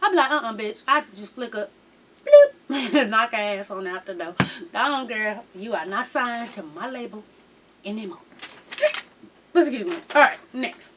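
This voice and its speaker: A woman's voice: a little high, expressive, normal speed, pushed and bright, a little hiss or hum. A woman recapping a reality show in a casual, sassy, profane gossip style, acting out the people in her story.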